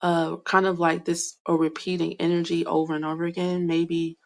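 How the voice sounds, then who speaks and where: A young woman giving a soft, hesitant spiritual card reading, full of fillers and whispered asides. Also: lowish voice, flat delivery, moderate pace, gravelly. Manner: whispers names to herself while reading cards. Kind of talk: slow meandering card reading monologue.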